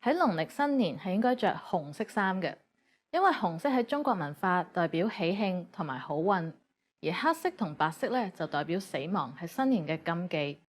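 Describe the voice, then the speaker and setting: A woman giving scripted educational narration in a brisk, even tone. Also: fairly low pitch.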